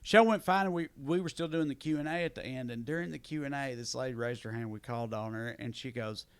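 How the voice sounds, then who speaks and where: A man, a podcast co-host telling a road story with animated, acted-out quotes while tipsy. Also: medium pitch, fast, clean tone. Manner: animated storyteller, acts out what people said. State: drinking, tipsy. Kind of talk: casual storytelling chat.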